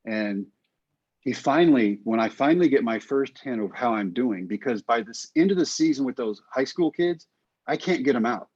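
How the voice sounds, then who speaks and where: A man's voice: mid-range voice, animated, normal speed, a little mellow, slightly rough. A man being interviewed who tells his story with wry, self-mocking humor and acts out the dialogue. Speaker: guest. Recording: slightly dull, lo-fi audio.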